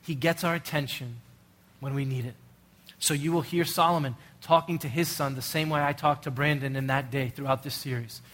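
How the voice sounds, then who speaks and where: A man's voice: medium pitch, fairly even intonation, a little fast, a bit bright. A middle-aged male pastor preaching a sermon in an earnest, urgent way, full of rhetorical questions.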